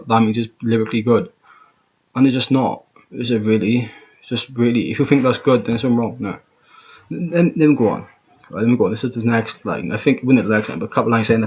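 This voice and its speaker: Husky-voiced man ranting bluntly. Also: mid-range voice, dull audio. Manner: blunt, profane, exasperated, stumbles and repeats himself. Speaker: music reaction vlogger. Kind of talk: ranting reaction commentary.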